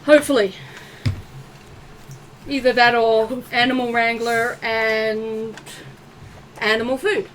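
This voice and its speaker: Chatty high-voiced woman, jokey table talk, faint hiss. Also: fairly even intonation, slow pace, long pauses, a bit bright, poor audio. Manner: chatty, joking, many fillers. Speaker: player. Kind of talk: casual tabletop game chat.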